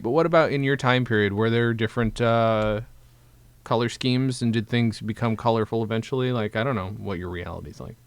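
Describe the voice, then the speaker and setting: Rambling podcast host, dry close sound. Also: male voice, medium pitch, steady tone, normal speed, smooth, no echo. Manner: rambling, musing, trailing off quietly. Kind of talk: casual podcast commentary.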